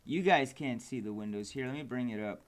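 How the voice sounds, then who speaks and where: A man streaming his game development, exasperated and cursing at the software as he works. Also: medium pitch, fairly quick. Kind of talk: frustrated livestream commentary.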